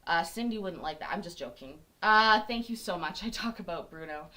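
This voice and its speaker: A woman's voice: lowish voice, lively intonation, a little fast, bright, forceful tone. A woman from Canada chatting casually and joking with her live-stream viewers. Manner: chatty, joking, laughs often.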